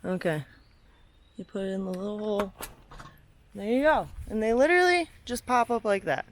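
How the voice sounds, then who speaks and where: A woman's voice: mid-range voice, moderate pace. A young woman films herself outdoors beside her car, talking in a loose, chatty way. She pokes fun at herself, swears now and then, and sounds a little out of breath. Faint noise hums in the background. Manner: chatty, self-deprecating, swears and laughs while working. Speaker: vlogger. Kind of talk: casual solo tutorial vlog. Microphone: handheld camera, moving off frame.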